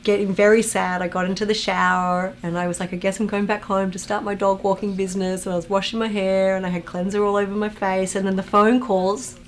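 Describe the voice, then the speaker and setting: A woman hosting a fan watch-along, chatting casually, reading viewer comments aloud and telling animated anecdotes. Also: medium pitch, brisk, hardly any pauses, a little hiss or hum. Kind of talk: casual livestream chat and storytelling.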